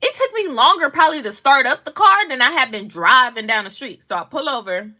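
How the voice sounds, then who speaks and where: Brief: young woman, high bright voice, animated storyteller with a blunt, slangy delivery. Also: fairly quick. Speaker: vlogger commenting on news. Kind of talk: casual storytelling commentary.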